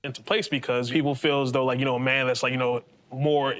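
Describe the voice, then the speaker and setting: A man's voice: mid-range voice, flat delivery, fast talker, fairly bright tone. A man on a discussion panel, rambling and filling his talk with "like" and "you know". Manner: rambling, full of fillers.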